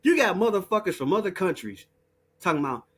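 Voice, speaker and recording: A man's voice: sits high, sing-song, fast, a bit bright, breathy edge. A man from the United States in an unscripted, profane rant as an online commentator, blunt and heated, laughing between points.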